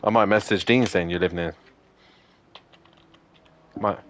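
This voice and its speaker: A man's voice: low voice, fairly even intonation, measured pace, a little hiss or hum. A young man streaming a racing game and chatting casually with friends, swearing constantly and ranting in exasperation. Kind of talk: casual gaming chat with friends.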